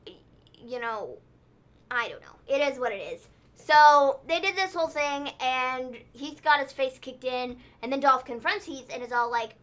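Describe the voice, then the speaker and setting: A woman's voice: high-pitched, a bit bright. A woman co-hosting a casual wrestling recap show, rambling with lots of fillers. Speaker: podcast co-host.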